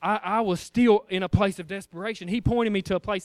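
A man's voice: sits high, steady tone, a little fast, hardly any pauses, dry recording, studio quality. A man preaching a sermon, emphatic and repetitive, acting out little voices as he goes.

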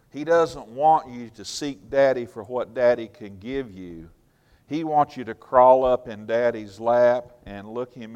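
Smooth-voiced man preaching emphatically. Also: mid-range voice. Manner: earnest, emphatic preaching with sudden swings in loudness. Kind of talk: sermon.

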